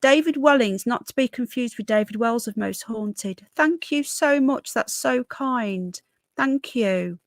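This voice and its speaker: Her voice is fairly high and gravelly, heard in clean studio sound without echo. She's a Birmingham woman with a mild Brummie accent touched by Yorkshire, hosting a relaxed livestream and reading out comments from viewers.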